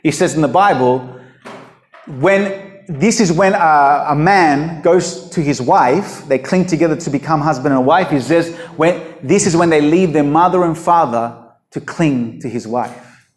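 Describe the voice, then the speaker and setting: A man preaching in a blunt, emphatic manner, pressing his points with rhetorical questions. His voice sits a little high for a man. The recording carries a roomy echo. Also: measured pace. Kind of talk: unscripted preaching talk.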